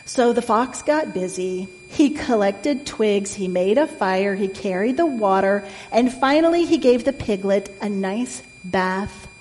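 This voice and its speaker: A woman reading a picture book aloud in a gentle way, asking the listener questions, recorded in an echoey room with a faint hum. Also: mid-range voice, animated, measured pace, hardly any pauses. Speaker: storyteller.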